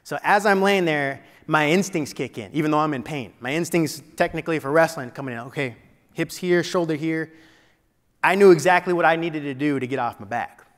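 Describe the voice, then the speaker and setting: Keynote speaker, male, slightly high voice, dramatic storyteller in a big echoing hall. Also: fast, few pauses. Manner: dramatic storyteller, drops to a hush at painful moments. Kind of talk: motivational storytelling speech. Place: large event hall before an audience. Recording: long hall reverb.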